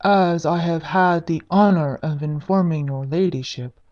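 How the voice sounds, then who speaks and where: A woman voicing a cold, drawling aristocratic gentleman with stiff, formal politeness. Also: low voice, fairly even intonation, a little slow, dull audio. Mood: coolly polite.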